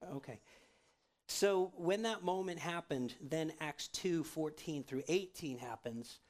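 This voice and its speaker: A man's voice: a little high, takes it slowly. A man preaching a sermon in a casual, conversational way, often checking in with the congregation. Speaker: pastor.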